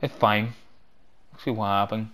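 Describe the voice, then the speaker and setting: A man hosting a gaming channel, chatting through a walkthrough in loose, halting English and getting excitable as he plays. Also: lowish voice, background noise. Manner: loose, halting non-native English phrasing. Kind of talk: gameplay walkthrough commentary.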